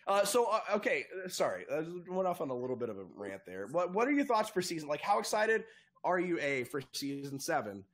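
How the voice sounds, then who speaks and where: A young man co-hosting a casual podcast, talking in an excitable, profane rant. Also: a little high, fairly quick. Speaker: podcast co-host. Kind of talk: casual chat.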